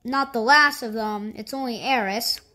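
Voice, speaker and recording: High-voiced woman rambling through a game. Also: moderate pace. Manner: rambling, thinking aloud with many fillers; excitable outbursts of surprise. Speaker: gameplay commentator. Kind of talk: casual game commentary.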